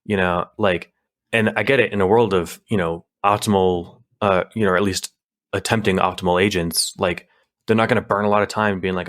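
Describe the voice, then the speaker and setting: Low-voiced rambling man chatting. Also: steady tone, brisk, fairly bright tone. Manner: rambling, many fillers and restarts. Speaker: podcast co-host. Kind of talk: casual chat.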